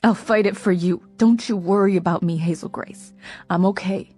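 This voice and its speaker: Woman reading a calm, brave sick young man. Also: on the low side, moderate pace, breathy edge, faint music behind. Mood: resolute. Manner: calm, subdued, steadying. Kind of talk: audiobook character reading.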